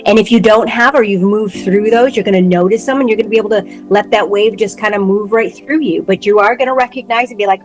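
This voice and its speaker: A woman's voice: mid-range voice, steady tone, fast, few pauses, soft background music, rough recording. A woman co-hosting a podcast, talking through spiritual ideas in a reflective, word-searching way. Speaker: podcast co-host. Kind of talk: casual spiritual conversation.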